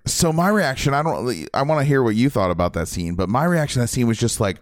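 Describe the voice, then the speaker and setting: A man's voice: mid-range voice, lively intonation, fast, hardly any pauses, no room sound, studio quality. A man in a casual game discussion, recounting scenes animatedly and swearing casually.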